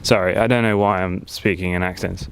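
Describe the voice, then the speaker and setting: A man's voice: sits low, fairly even intonation, brisk, vocal fry, background noise. A man vlogging outdoors in a forest, chatting and joking as he thinks aloud into a handheld camera. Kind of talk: casual vlog commentary.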